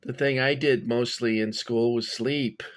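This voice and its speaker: A middle-aged man casually showing his toy figures and rambling off on tangents with many pauses. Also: mid-range voice, fairly even intonation. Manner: rambling, digressive, many fillers. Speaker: toy collector reviewing figures. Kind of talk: casual show-and-tell.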